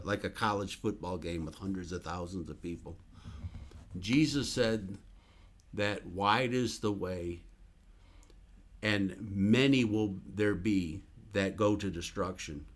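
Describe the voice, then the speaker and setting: A man who is a minister, sharing a religious testimony in an earnest, emphatic storytelling manner. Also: lowish voice.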